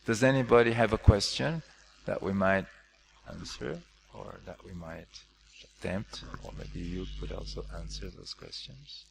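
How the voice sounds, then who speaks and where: A man giving a scripture class, explaining with lively, jokey questions to his audience. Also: sits low, measured pace, vocal fry. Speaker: class speaker. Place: temple hall. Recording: echoey hall with faint noise.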